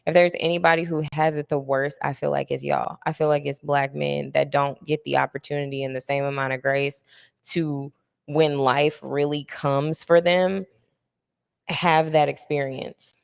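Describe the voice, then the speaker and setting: A woman's voice: sits low, flat delivery, moderate pace, creaky, clear, resonant tone, in a large hall. A young woman hosting a casual podcast chat, talking candidly and reflectively, laughing easily. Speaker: podcast host.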